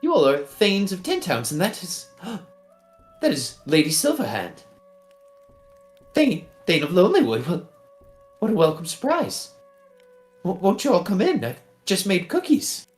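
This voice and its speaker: A fussy, stammering halfling mother in a tabletop game, pitched up high and bouncing all over. She is easily shocked. A man puts her on. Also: huge pitch swings, measured pace, pauses often, reverberant, faint music behind, heavily acted. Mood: warm welcome. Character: flustered kindly halfling mother, middle-aged woman.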